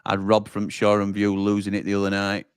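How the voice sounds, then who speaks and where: A young man hosts a live football watchalong, bantering and reading viewer comments aloud. His voice sits low and the sound is dry and close. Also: completely flat delivery, a little fast, clear, resonant tone, no room sound. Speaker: watchalong host.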